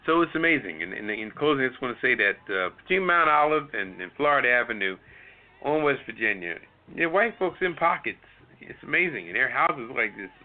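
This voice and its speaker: A man's voice: mid-range voice, lively intonation, a little fast. Rambling man on a tinny line. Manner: rambling, loose, with many restarts. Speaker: co-host. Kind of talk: casual chat. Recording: tinny phone-like sound.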